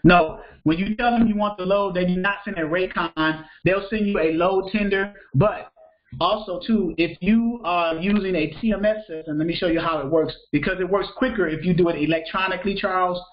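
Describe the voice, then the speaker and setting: A man's voice: high voice, brisk, highs cut off. A man teaching a live freight broker training class, talking casually, repeating himself and checking that students follow. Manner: conversational, repeats phrases, checks understanding with questions.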